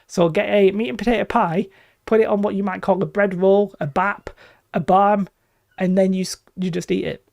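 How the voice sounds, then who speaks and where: Gravelly-voiced Lancashire man chatting on stream. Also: sits high, steady tone, moderate pace, darkish tone, no echo, clean studio sound. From northwest England. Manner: chatty, jokey, reading out chat comments. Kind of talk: casual live-stream chat with viewers. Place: small room at home. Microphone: desk microphone.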